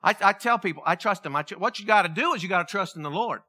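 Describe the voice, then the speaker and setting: A man preaching a sermon, animated, asking the congregation questions and acting out quotes. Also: high voice, fast talker. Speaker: pastor.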